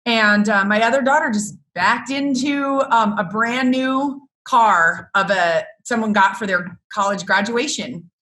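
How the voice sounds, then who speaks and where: A middle-aged woman, a business coach, chatting in an interview and telling lively stories with frequent laughter. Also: mid-range voice, measured pace, hardly any pauses, a little hiss or hum. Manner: animated storyteller, laughs often. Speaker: guest, business coach for photographers. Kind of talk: casual interview chat.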